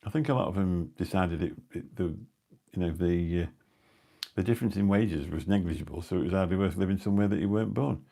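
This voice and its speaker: Brief: middle-aged male live-streamer, deep husky voice, rambling anecdotes. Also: quick pace, mellow. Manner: rambling anecdotal storytelling with dry asides. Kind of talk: casual rambling chat. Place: indoors at home. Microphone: new phone or mic on a live stream.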